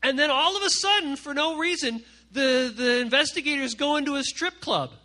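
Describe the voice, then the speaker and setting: A man preaching to a youth group from a stage, animated and joking as he acts out the voices of the people he quotes. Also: extremely high pitch, normal speed. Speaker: youth pastor. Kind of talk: energetic comic sermon to a youth group. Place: stage before a live audience.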